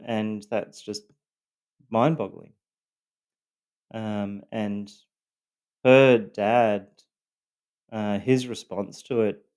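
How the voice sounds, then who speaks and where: A man telling his own story of family abuse in a halting, blunt way, full of fillers and the odd swear word. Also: lowish voice, a little mellow, clear, resonant tone. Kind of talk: personal storytelling to camera.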